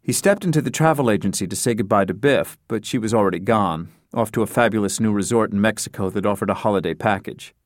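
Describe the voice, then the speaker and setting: In scripted audiobook narration, a man with a lowish voice keeps an even, measured storytelling pace. The recording is dry and studio-clean.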